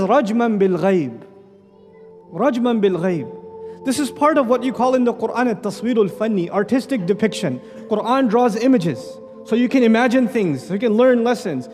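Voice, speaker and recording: A man giving an animated religious lecture, firing off rhetorical questions with a teasing edge. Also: very high voice, in a large hall. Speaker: Islamic lecturer.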